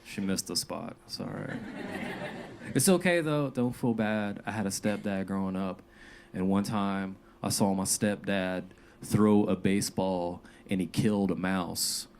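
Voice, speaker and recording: Deadpan man on a club stage. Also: low voice, measured pace, gravelly. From Louisiana. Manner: deadpan, loose and rambling, with filler "uh"s and "like"s. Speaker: stand-up comedian. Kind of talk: stand-up set. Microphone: handheld stage mic. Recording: noisy live club recording.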